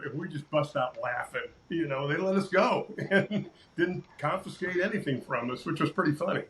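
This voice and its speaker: An older sportscaster telling lively stories in a casual interview, acting out quotes and laughing often. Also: male voice, on the high side, normal speed, a little hiss or hum, rough recording. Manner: animated storyteller, acts out quotes, laughs often. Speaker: sportscaster guest.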